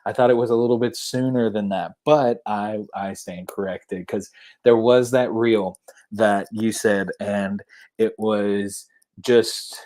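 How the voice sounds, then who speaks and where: A man's voice: on the low side, fairly even intonation, slow, darkish tone. A man in his thirties with a Southern US accent, a podcast guest chatting casually and rambling through restarts. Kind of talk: casual chat.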